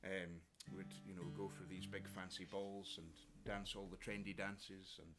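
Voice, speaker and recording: A man, a folk musician, chatting to an audience at a house concert about the history of some tunes, with many halting pauses. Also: sits low, flat delivery, music in the background. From Scotland. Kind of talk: introducing tunes on stage.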